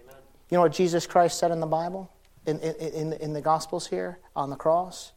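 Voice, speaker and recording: Preaching with a fairly quick pace, this middle-aged pastor keeps a high-leaning voice with little pitch movement. He's conversational, alternating loud emphasis with quiet intensity, and laughs readily.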